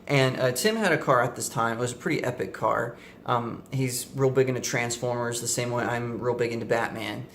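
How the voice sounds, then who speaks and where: A man's voice: medium pitch, fairly even intonation, moderate pace, a little hiss or hum. Young male vlogger, casual storyteller who meanders and corrects himself, mid-range voice. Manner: rambling, many fillers and self-corrections.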